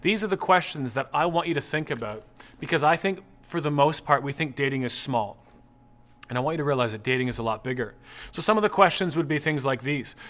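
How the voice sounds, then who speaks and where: A middle-aged man from Canada giving an animated, conversational talk on dating, acting out anecdotes. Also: a little high. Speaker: speaker on dating and relationships. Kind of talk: public talk.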